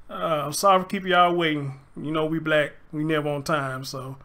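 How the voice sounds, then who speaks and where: Southern American man, livestream host, chatty and easygoing, bright and somewhat high voice. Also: steady tone, fairly quick, hardly any pauses. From Southern United States. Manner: loose, chatty, greets viewers by name. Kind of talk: casual livestream commentary.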